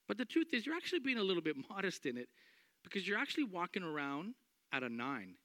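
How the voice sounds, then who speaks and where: A man preaching a sermon as pastor, animated, acting out the voices of people in the story. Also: high-pitched, fast, no room sound, clean studio sound.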